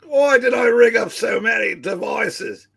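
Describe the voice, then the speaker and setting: A man voicing a frantic armored male inventor hero in a comic book read-aloud, shouting in a high strained voice. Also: unhurried, vocal fry, breathy edge, exaggerated voice.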